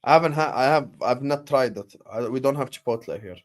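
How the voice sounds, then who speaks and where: A man hosting a football watchalong stream, bantering with chat and breaking into loud bursts when the match heats up. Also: medium pitch, brisk, dry recording. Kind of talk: casual live-stream chat with match commentary.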